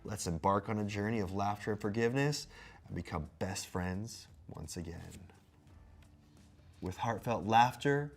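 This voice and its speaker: A man's voice: fairly low pitch, normal speed, slight background noise. A man reading a silly letter aloud in a theatrical, comedic way, breaking into amused laughs. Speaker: co-host.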